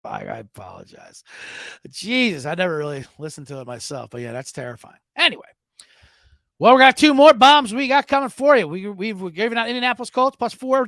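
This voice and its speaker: A man hosting a sports betting podcast, rambling and profane in casual chat. His voice sits high and swings widely in pitch, with a gravelly edge. The sound is bright and dry, with no room around it. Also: dry recording.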